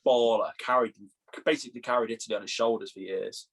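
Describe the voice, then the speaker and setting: Husky young Englishman, jokey banter. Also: mid-range voice, steady tone. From England. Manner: jokey, teasing, quick to laugh. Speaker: podcast co-host. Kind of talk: casual banter.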